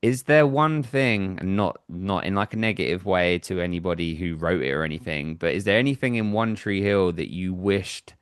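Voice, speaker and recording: A man's voice: deep voice, smooth, dry recording, studio quality. A man hosting a podcast interview, talking casually and eagerly like a fan. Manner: enthusiastic, fan-like. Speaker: podcast host.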